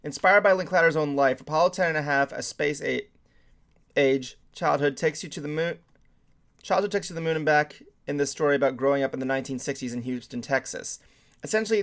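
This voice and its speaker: A man's voice: medium pitch, fairly bright tone. A man hosting a casual nerdy talk show, rambling and often stumbling over his words as he talks through movie trailers. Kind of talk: casual chat.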